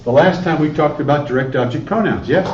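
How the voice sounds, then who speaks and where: A man's voice: a little high, a little fast, a little hiss or hum. Male Spanish teacher, quizzing style, muffled lo-fi classroom recording from afar. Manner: questioning, coaxing students with repeated prompts. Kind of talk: classroom lesson. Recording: echoey room, distant lo-fi camera audio.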